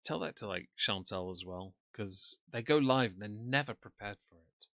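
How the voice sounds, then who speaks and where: A man's voice: on the low side, lively intonation, moderate pace, gravelly, fairly bright tone, dry recording. A man commenting sarcastically on a livestream from off camera. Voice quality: dry, mocking. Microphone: desk mic, off camera.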